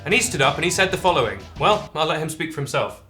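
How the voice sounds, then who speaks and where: A young man hosting a comedic news segment, delivering absurd jokes deadpan with dramatic pauses. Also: a little high, over loud music. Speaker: host.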